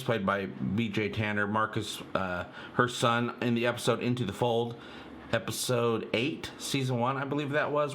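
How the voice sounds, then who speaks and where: Excitable rambling man breaking down a trailer. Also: mid-range voice, slight background noise. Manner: excitable, rambling, many fillers, addresses viewers as "you guys". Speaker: channel host.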